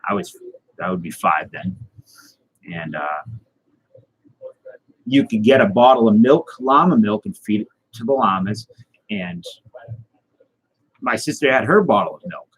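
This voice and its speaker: A man chats casually on his live stream, his voice low-pitched and a little husky. He rambles through an absurd story with a straight face, stopping and restarting as he goes. He also answers viewers by name between stories. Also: unhurried, long pauses, poor audio. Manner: rambling deadpan tall-tale telling. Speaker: host.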